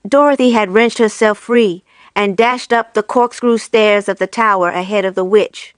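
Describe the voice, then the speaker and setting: Casting: female audiobook narrator, measured and steady, dry close recording. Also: mid-range voice, clean tone, no echo.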